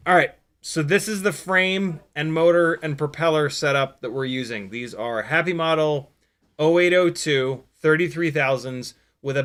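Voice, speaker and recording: A man's voice: medium pitch, fairly bright tone. A man hosting a livestream, chatting loosely as he works and answering viewer questions, with casual swearing and dry sarcasm. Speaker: livestream host building a drone.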